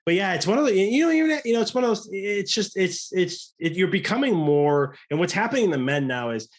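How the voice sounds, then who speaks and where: A man's voice: high-pitched, lively intonation, a little fast. A man in his thirties, a guest on a podcast, talking casually and earnestly, with many restarts and quoted self-talk. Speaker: podcast guest, chiropractor and coach.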